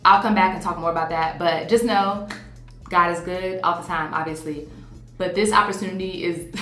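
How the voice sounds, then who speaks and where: A woman, talking to camera in a chatty, animated, playful vlog style. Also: mid-range voice, fairly quick, roomy sound, faint music behind. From Virginia, USA. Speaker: vlogger. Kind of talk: casual vlog talk to camera. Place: hotel room on vacation.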